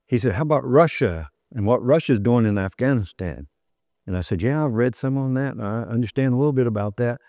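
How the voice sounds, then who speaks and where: A man's voice: medium pitch, animated, warm tone, no echo. Preaching man with a very dry sound. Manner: storytelling, rising to emphatic preaching, slowing for scripture. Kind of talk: sermon.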